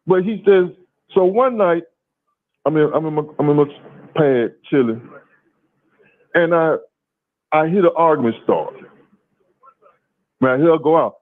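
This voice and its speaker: A caller, a man whose voice sits a touch high, comes through a thin, tinny phone line. He talks in a rapid, animated, profane way and keeps stammering over repeated words. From Louisiana, USA. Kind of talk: casual call-in storytelling. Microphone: phone call.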